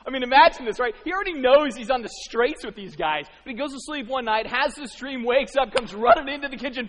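A man preaching a sermon in a lively, conversational way, acting out the lines of the people he describes. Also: very high-pitched, quick pace, few pauses, big-room sound. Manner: animated, conversational, acts out quotes. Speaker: pastor.

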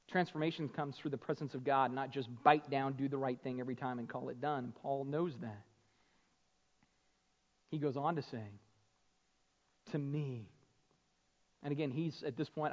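A male pastor preaching a sermon, swinging from hushed, slow emphasis to loud, fervent passages. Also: mid-range voice. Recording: muffled sound with long hall reverb.

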